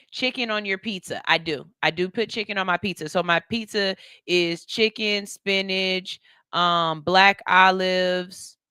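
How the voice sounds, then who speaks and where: A woman's voice: fairly low pitch, pushed and bright, clear, resonant tone, dry recording, studio quality. A middle-aged woman, hosting a radio show and chatting loosely, laughing and using slang as she reads listener comments. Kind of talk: casual chat reading viewer comments. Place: radio studio.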